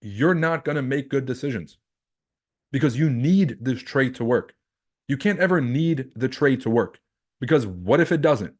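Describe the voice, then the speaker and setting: A man's voice: mid-range voice, lively intonation, moderate pace. A man from Lebanon hosting a livestream as a trading coach, talking bluntly and animatedly to viewers, with swearing and rhetorical questions.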